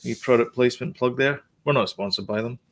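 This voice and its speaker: A man's voice: medium pitch, fairly quick, a bit bright. A man co-hosting a podcast in casual chat, explaining things in a rambling, self-correcting way. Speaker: podcast co-host.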